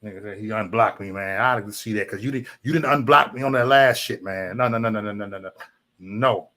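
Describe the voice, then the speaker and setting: A livestream host with a lowish, fairly quick, sharp-toned voice rants heatedly at his chat. He swears a lot and keeps repeating himself in this casual stream.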